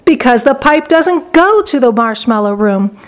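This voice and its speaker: A woman reading a storybook aloud and voicing an eccentric, excitable chocolate-maker with a theatrical, exclaiming manner. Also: fairly high pitch, measured pace.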